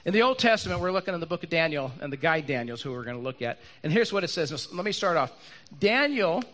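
A man preaching a sermon to a room and an online audience, animated, acting out Bible characters and repeating lines for emphasis. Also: sits high. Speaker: pastor. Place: church hall with live audience and online stream.

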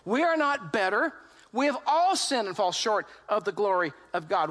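A man's voice: high-pitched, animated, moderate pace, a bit bright. A man preaching a sermon to a congregation, telling stories animatedly and putting questions to his listeners. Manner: acts out quoted voices in his retelling. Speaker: pastor.

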